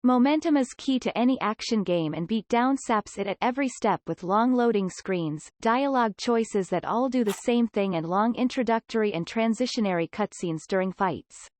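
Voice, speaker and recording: A woman's voice: on the high side, expressive, moderate pace, hardly any pauses, darkish tone, no room sound. A woman narrating a scripted video game review with a dry, sardonic delivery.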